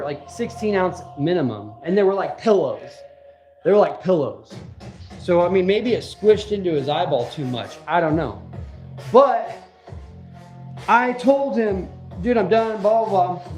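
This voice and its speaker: A man casually telling a personal story, animated and repetitive, acting out what people said and the punches. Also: sits high, roomy sound.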